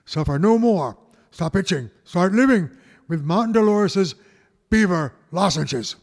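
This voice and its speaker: A man hams his way through a spoof radio commercial and stumbles over the words. His voice sits high. The studio has a long reverb. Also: expressive, a little slow. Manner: hammy, stumbling, goofy. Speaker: radio co-host. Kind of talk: mock commercial and studio banter.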